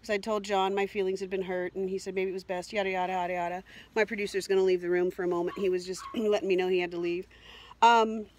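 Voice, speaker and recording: A woman's voice: medium pitch, flat delivery, fast talker, a little mellow. Upset lady rambling through a personal story on her vlog, lots of ums and repeats. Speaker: vlogger.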